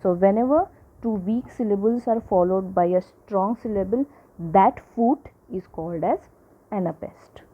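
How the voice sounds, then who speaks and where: Slow-explaining woman teacher, tinny audio. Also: mid-range voice. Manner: slow, repetitive explaining with frequent "okay" and "right". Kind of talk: classroom lecture.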